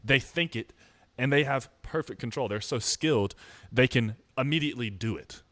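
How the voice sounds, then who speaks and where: A man's voice: medium pitch, moderate pace, fairly bright tone, dry recording. Young man, casual rambling vlog monologue, self-mocking, dry close recording. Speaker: musician vlogger.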